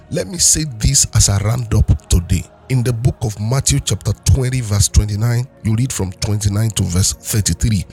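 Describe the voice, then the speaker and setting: Pastor, male, gravelly, fervent sermon over faint music. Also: on the low side, darkish tone. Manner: fervent preaching, repeating and calling out prayers. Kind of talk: sermon with prayer.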